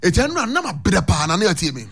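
A man preaching on the radio, his high, husky voice rising and falling a lot. He chants short lines for his listeners to echo back. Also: big pitch swings, racing, fairly bright tone. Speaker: radio pastor. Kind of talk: radio sermon with call and response.

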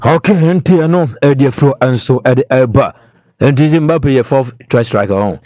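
A man's voice: medium pitch, measured pace, dark tone, no room sound, dull audio. Man, radio host, brief acknowledgments, dry close sound. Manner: brief acknowledgments, reads out a phone number. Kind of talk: radio talk show.

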